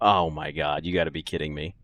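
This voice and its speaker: A man's voice: extremely low pitch, level tone, quick pace, fairly bright tone, lo-fi sound. A young man casually commenting on his game for a live stream, joking, laughing and answering chat. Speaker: gaming streamer. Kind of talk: casual let's-play commentary.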